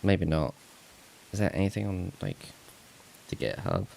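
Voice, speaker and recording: A man with a very deep voice and a gravelly, creaky edge chats away on a live stream. He rambles to himself as he sorts out tech trouble, taking his time and chuckling at his own remarks. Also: sing-song, a little slow, darkish tone, slight background noise. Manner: rambling, talks to himself while fixing tech; laughs at himself, self-mocking. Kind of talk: casual live-stream chat.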